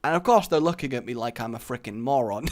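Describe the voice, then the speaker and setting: A man's voice: medium pitch, darkish tone. A young English man hosting a gaming video, telling a rambling, jokey story while he plays. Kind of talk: let's play commentary.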